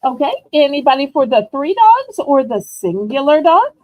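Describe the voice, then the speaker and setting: Chatty high-voiced woman auction host. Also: big pitch swings, normal speed, dry recording, narrow, tinny audio. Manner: chatty, gushing and upbeat. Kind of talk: live selling stream chat.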